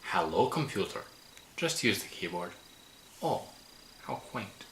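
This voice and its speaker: A man's voice: on the low side, very animated, unhurried, a bit bright, slight background noise, heavily acted. A man doing a put-on Scottish accent as a fussy older male starship engineer, the accent drifting around. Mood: amused. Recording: roomy echo.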